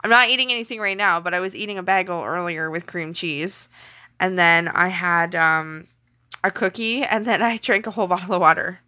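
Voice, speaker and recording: Bright-voiced Canadian woman chatting on a late-night stream. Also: on the low side, a little fast. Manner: chatty, laughs often, teasing chat viewers. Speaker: live streamer. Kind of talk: late-night casual live stream chat. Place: home kitchen at night.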